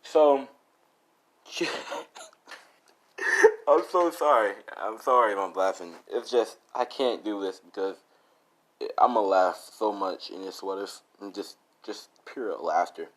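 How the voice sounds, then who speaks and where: A man's voice: deep voice, measured pace, fairly bright tone. A young man casually improvising a fan story, rambling and laughing at his own jokes.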